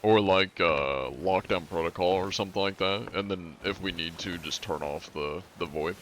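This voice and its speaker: A man's voice: low voice, moderate pace, fairly bright tone, slight background noise. A congested man chatting loosely on a live gaming stream, swearing freely as he talks. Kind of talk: casual gaming livestream chat.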